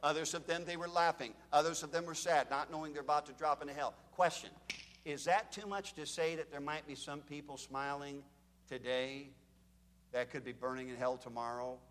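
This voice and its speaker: A man preaching a fire-and-brimstone sermon, telling dramatic stories and shouting out the screams he quotes. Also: fairly high pitch, fairly even intonation, normal speed, big-room sound, slight background noise.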